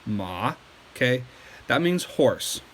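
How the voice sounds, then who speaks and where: A man's voice: mid-range voice, moderate pace, a bit bright, slight background noise, poor audio. A man giving a casual language lesson at home at night, patiently explaining and checking in with okay after each point. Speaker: Chinese language teacher.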